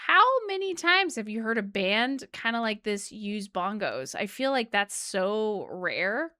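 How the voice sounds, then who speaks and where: A woman's voice: medium pitch, sharp tone, dry recording, clean studio sound. A woman, a flutist, giving casual and enthusiastic spoken reactions to a song at home, sometimes humming out rhythms. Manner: chatty and enthusiastic, hums out rhythms. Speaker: music reaction YouTuber and flutist. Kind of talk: casual music reaction commentary. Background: faint music playing.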